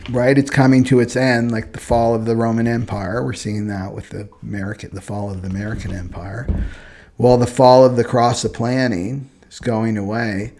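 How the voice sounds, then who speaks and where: With slight background noise, a male astrology and human design teacher speaks in a medium-pitched, somewhat mellow voice. His casual teaching monologue wanders through personality types, earnest in tone and often punctuated by "right?"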